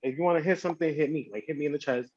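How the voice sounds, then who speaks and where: A man's voice: a little high, racing, husky, dry recording, highs cut off. A man on a podcast telling a story in casual slang, acting out what people said. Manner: animated, slangy storytelling with quoted voices. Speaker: podcast host.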